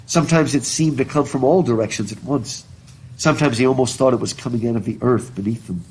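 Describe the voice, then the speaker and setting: A middle-aged man teaches a literature class, his voice a bit husky and muffled by a mask. He rambles through tangents, reads passages aloud and keeps asking the students questions. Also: medium pitch, quick pace. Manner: chatty, digressive, asks the class questions. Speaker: college professor. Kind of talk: classroom lecture with reading aloud. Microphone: recording device in a classroom, speaking through a mask.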